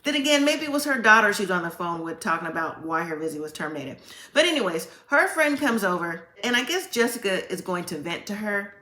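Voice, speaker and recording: A woman's voice: mid-range voice, expressive, brisk, pushed and bright, roomy sound. A woman hosting a casual recap, retelling scenes in a chatty storytelling way and acting out the quotes. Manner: chatty storytelling, acts out quotes with "like" and "you know". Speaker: reality TV recap host.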